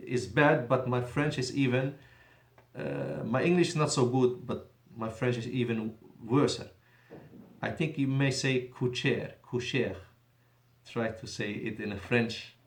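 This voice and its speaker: A man teaching a language class in a mosque, slowing down to stress key words and correcting himself as he goes. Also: mid-range voice. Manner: deliberate, drawn-out emphasis on key words; switches between Arabic and English, self-correcting. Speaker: Arabic teacher. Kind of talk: classroom lesson. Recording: echoey room.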